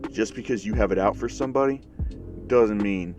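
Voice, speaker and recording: A gruff teacher stands up to his boss, talking bluntly and swearing freely, as a man voices him. The voice stays low, with music running underneath. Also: fairly quick, far from the mic, dull audio, lightly acted. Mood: blunt defiant. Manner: blunt, profane. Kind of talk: fan story narration.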